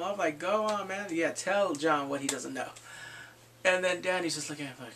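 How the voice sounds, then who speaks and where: A man casually recapping a TV episode, swearing freely and jumping into quick impressions of the characters. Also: a little high, a bit bright, recorded from a distance, a little hiss or hum. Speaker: TV show reviewer. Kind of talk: casual spoiler recap vlog.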